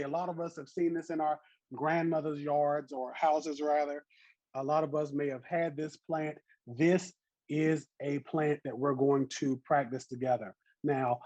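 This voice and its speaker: A man's voice: on the high side, steady tone, unhurried, a little mellow, dry recording, lo-fi sound. A man in his thirties with a Southern US accent, teaching an online botany class in a chatty, encouraging way over a video call. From American South.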